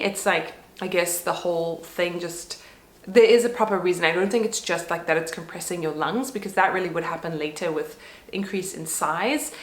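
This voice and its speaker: A woman vlogger and mother with a congested nose, chatting casually and rambling with lots of fillers. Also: medium pitch. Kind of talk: casual chat to camera. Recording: roomy echo.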